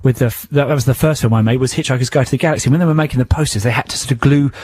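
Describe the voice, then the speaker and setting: Husky-voiced male radio co-host. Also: medium pitch, rapid-fire, a little mellow, no room sound. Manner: wry, storytelling, mocks films. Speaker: co-host, filmmaker. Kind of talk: casual radio chat. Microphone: studio microphone.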